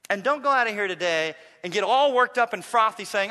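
A man preaching a sermon as pastor, swinging from quiet pleading to loud emphatic bursts. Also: sits high, sing-song, quick pace, few pauses, big-room sound. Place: church sanctuary.

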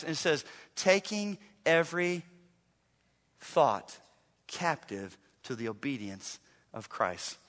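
A middle-aged man preaching a sermon as a pastor, telling a story with animated acted-out quotes. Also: high voice. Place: church sanctuary. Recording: reverberant live church hall.

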